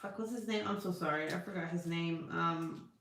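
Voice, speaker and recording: A woman's voice: on the low side, normal speed, creaky, fairly bright tone, slight background noise. Chatty woman in an echoey room. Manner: chatty and profane, talks to her cat between thoughts. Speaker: crafting livestream host. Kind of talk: casual livestream chat with viewers. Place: indoor room at her craft desk.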